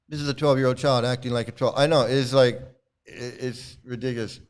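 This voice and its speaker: A man streams live, talking straight to his chat and answering it in a repetitive, combative manner. His mid-range voice has a clear, resonant tone.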